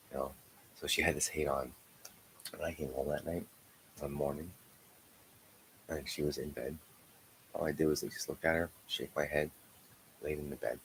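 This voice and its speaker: A man's voice: extremely low pitch, a little hiss or hum, low-quality recording. A man in an angry, profane livestream rant, aggrieved and often dropping into whispered asides. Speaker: streamer.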